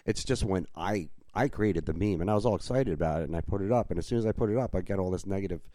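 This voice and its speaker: A man with a very deep, mellow voice co-hosts a casual podcast and talks in an easygoing way. He often stops and restarts his sentences. The sound is dry and close to the mic. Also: quick pace, dry recording. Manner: easygoing, with frequent restarts and laughs. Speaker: podcast co-host and group admin. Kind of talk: casual chat.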